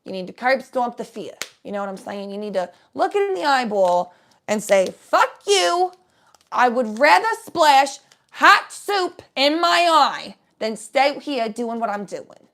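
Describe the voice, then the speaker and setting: A woman's voice: mid-range voice, brisk, natural voice. A woman doing a brash psychic stoner with a Jersey accent. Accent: put-on New Jersey accent. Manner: brash, profane, animated. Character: silly psychic stoner woman giving tarot readings. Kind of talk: live-stream tarot reading in character.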